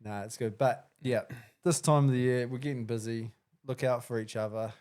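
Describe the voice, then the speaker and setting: A man's voice: mid-range voice, fairly even intonation, normal speed, a little mellow. A man with a New Zealand accent, a podcast co-host chatting casually and agreeing often. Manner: easygoing, frequent agreeing fillers. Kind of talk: casual chat.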